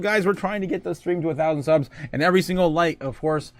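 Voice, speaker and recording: Male streamer, higher-pitched, rambling jokey chat with lots of laughs. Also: fast, dry recording, faint music behind. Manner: jokey and rambling, laughs often, many fillers; swings from muttering low to loud excited calls. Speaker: livestream host. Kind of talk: casual livestream chat, reading chat messages.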